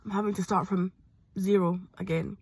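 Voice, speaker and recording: A woman talking hesitantly to camera from a parked car, pausing often with ums. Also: medium pitch, steady tone, a little mellow, husky, no room sound. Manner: hesitant, with frequent ums and pauses. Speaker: vlogger. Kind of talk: personal confessional vlog.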